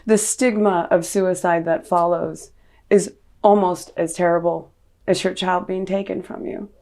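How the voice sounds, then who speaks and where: A woman's voice: lowish voice, steady tone, measured pace, darkish tone. A middle-aged woman, a podcast guest, recounting a painful memory in a raw, earnest way. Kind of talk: personal storytelling in an interview.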